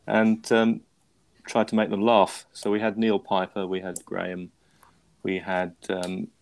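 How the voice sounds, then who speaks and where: A man's voice: lowish voice, monotone, unhurried, gravelly. A man hosting a podcast, telling a story in a rambling, self-mocking way with lots of restarts. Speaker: podcast host. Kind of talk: casual chat.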